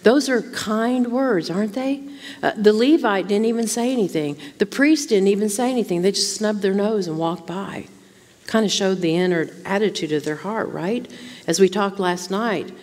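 A woman's voice: mid-range voice, a little mellow. A woman gives an informal teaching sermon to a room of women, checking in with frequent rhetorical questions. Her voice sits in a middle register. A long hall reverb trails her words in the church. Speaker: Bible teacher at a women's conference. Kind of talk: conversational sermon.

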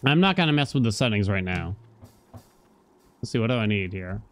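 A man's voice: lowish voice, brisk, soft background music. A male streamer giving live commentary on his own gameplay, chatty with viewers and breaking into yelps and curses at the game. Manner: excitable, yelps and swears at the game; chatty, talks to viewers between moments.

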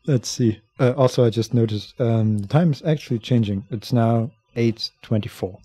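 A man's voice: medium pitch, normal speed, mellow, slightly rough. A man casually reading out game dialogue and options aloud during a gameplay session, laughing often. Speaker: let's play host reading game text.

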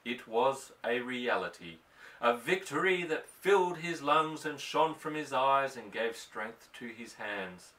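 Audiobook narrator, male, lively delivery with a bright tone, slightly distant mic. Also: medium pitch, unhurried. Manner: expressive storytelling, voicing each character. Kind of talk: audiobook reading of a novel.

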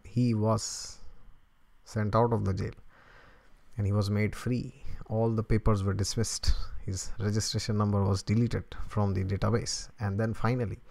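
A man's voice: fairly low pitch, creaky. Chuckling middle-aged male storyteller. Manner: chuckles often, animated and conversational, asks rhetorical questions. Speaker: spiritual teacher and storyteller. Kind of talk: scripture storytelling lesson.

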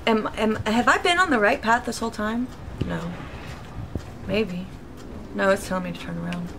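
Young woman let's-player, chatty and excitable, crisp bright voice, faint background noise. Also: a little high, normal speed. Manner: chatty and reactive, talks to viewers, sudden yelps. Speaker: gaming YouTuber. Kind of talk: casual let's-play commentary.

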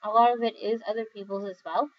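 A tired young woman reading viewer comments in a casual, rambling chat, giggling often and filling pauses with "um" and "like". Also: mid-range voice, steady tone, dull audio. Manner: giggly, rambling, with many fillers. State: overly tired. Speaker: video creator reading comments.

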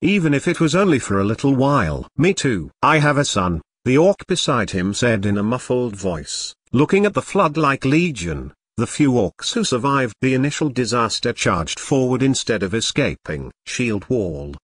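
A man reading a translated fantasy web novel aloud as an audiobook narrator, in an even storytelling manner. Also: medium pitch, moderate pace, hardly any pauses, breathy edge.

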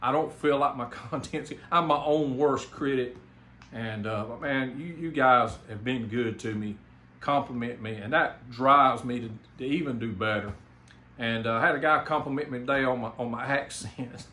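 A man's voice: medium pitch, normal speed, sharp tone. A man from South Carolina with a Southern accent, giving a rambling, enthusiastic channel update as a home theater YouTuber, with lots of fillers and restarts. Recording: echoey room, faint background noise.

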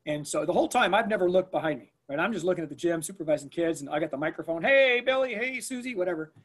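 A man with a slightly higher-than-usual voice tells a story in a relaxed interview. He stumbles and restarts often and drops in lots of fillers. He lifts his voice to act out what people said. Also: rapid-fire, slightly rough. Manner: animated, lots of fillers and restarts, acts out quoted lines. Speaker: school staff member recounting an emergency.

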